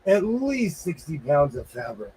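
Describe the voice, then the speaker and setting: A man's voice: on the high side, sing-song, measured pace, warm tone, slight background noise. A man hosting a casual livestream from his home sewing room, chatting and cheerfully greeting viewers by name.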